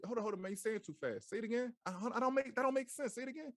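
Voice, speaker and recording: A man teaching from scripture in a casual, animated way, repeating phrases and firing off rhetorical questions. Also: very high-pitched, racing, hardly any pauses, no room sound, clean studio sound. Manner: casual slang-laced delivery. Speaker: Bible teacher.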